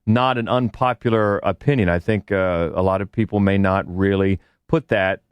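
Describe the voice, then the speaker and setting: Man, podcast co-host, lowish voice, halting, dry close sound. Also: steady tone, clean tone, dry recording. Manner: halting, restarts a lot, breaks into loud movie quotes. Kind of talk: casual podcast chat.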